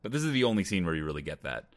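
A man's voice: deep voice, sing-song, rapid-fire, no room sound, clean studio sound. A young man co-hosting a podcast, recapping a movie in casual chat with wry humor and frequent laughs. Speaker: podcast co-host.

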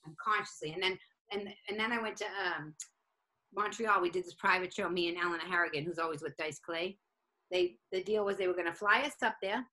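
A woman comedian telling a story in casual chat, animated and profane, acting out each side of it. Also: on the low side, a little fast. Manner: animated, profane, acts out both sides of a story. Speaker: stand-up comedian, guest.

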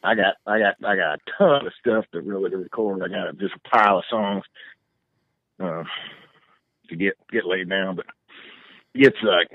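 A man who is a musician guest on a radio show, chatting casually in a laid-back, halting way with many fillers. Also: sits low, no echo, narrow, tinny audio. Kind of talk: casual phone-in chat.

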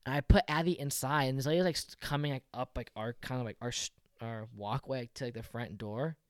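A man's voice: medium pitch, fast talker, clear, resonant tone, no room sound, clean studio sound. A young man telling a story in casual chat, rambling, swearing a lot and filling every phrase with "like".

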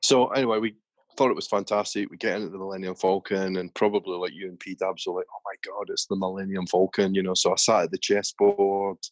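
A man with a very low voice tells a long story in easy, chatty podcast talk. The sound is close and dry, with no room around it. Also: fairly even intonation, quick pace, no room sound. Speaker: podcast host. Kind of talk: casual chat.

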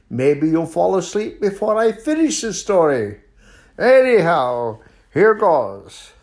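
An older man with a Scottish accent reading a bedtime story aloud to his grandchildren. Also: on the high side. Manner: very slow, warm lilting storytelling.

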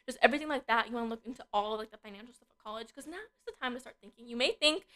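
A woman's voice: on the high side, racing, few pauses, bright, forceful tone. A teenage girl chatting casually about college prep, with a lot of "like" filler, at a desk mic. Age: teens. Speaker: co-host. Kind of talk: casual advice chat. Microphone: desk microphone.

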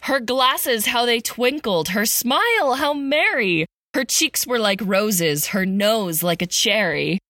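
A woman's voice: on the high side, lively intonation, takes it slowly, sharp tone, no echo, studio quality. A woman co-hosting a podcast, reciting a comic holiday poem and chatting, often breaking into giggles. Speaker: podcast co-host.

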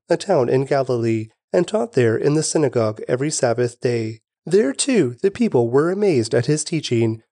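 A man giving a steady, expressive scripted reading of scripture. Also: medium pitch, no room sound, clean studio sound. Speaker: scripture reader.

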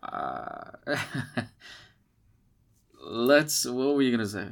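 A man's voice: mid-range voice, big pitch swings, very slow, creaky. A man co-hosting a casual podcast who talks bluntly, swears freely and teases his co-host. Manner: blunt, profane, teasing.

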